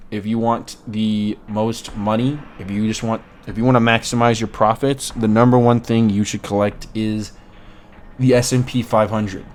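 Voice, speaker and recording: A man's voice: on the low side, darkish tone, slight background noise. A man giving casual, opinionated commentary as a video creator, blunt and swearing freely.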